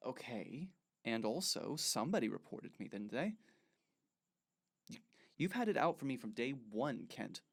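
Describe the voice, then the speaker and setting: A man's voice: mid-range voice, sing-song, moderate pace, creaky, long pauses. A man voicing a hostile teenage male school bully who sneers and accuses.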